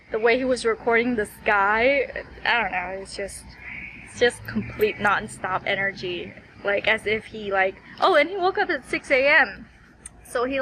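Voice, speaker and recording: A woman with a fairly high voice recaps her day in a casual vlog. She rambles and tells it with energy, filling her story with "like" and quoted asides. A faint hiss of background noise sits under her voice. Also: low-quality recording. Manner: rambling, animated storytelling with many fillers. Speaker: vlogger.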